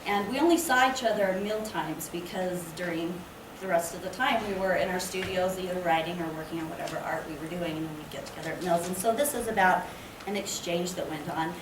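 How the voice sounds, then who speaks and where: Woman reading poems, slow, mid-pitched, distant mic, noisy roomy library. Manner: slow, measured, lyrical delivery. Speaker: poet reading her work. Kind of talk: poetry reading. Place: public library reading event. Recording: echoey room, distant mic, background noise.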